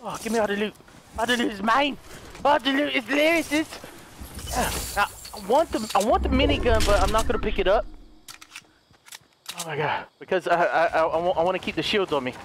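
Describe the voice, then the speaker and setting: A man commentating his own gameplay, muttering to himself, then bursting into loud shouts and giggles, and swearing often. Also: a little fast, background noise. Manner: high-pitched giggling laughs. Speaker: gaming commentator.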